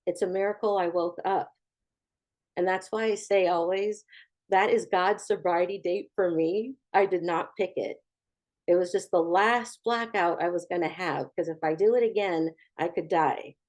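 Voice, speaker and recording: A middle-aged woman speaks in a somewhat low voice, telling her recovery story with frank humor. She talks straight to her listeners and acts out the people she quotes. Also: normal speed, a little mellow. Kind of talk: personal recovery testimony.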